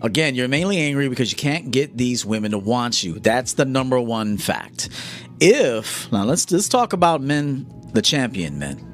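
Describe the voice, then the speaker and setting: A man's voice: medium pitch, very animated, normal speed, faint music behind. Blunt lecturing man on a live stream. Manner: blunt, lecturing, confrontational, keeps asking "okay?". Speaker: coach.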